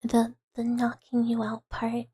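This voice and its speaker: A woman's voice: on the high side, completely flat delivery, measured pace, warm tone. A woman streaming ASMR, talking in a whispered role-play in a rambling way with many fillers, close to the mic.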